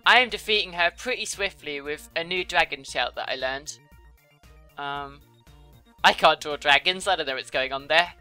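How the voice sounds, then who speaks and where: A woman's voice: low voice, moderate pace, pushed and bright, smooth, soft background music. A young woman chatting casually while she draws, giggling and teasing herself. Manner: chatty, giggly, self-deprecating. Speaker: YouTuber. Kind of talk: casual commentary while drawing.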